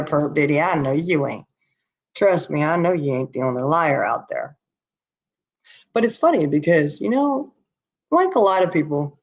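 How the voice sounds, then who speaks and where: A tired woman hosting a casual livestream, talking bluntly and answering her chat as she goes. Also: medium pitch. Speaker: livestream host. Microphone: laptop or webcam.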